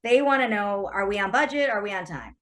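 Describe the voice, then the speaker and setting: A woman's voice: medium pitch, animated, a little fast, fairly bright tone. A woman guest explaining her film work frankly and at length in a casual interview. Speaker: guest, script supervisor.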